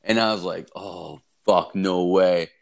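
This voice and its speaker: Low-voiced man, rambling, swearing storyteller. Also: steady tone, takes it slowly, creaky. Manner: rambling, swears constantly, fills with "like" and "dude"; acts out quotes with sudden high yelps. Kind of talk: casual storytelling chat.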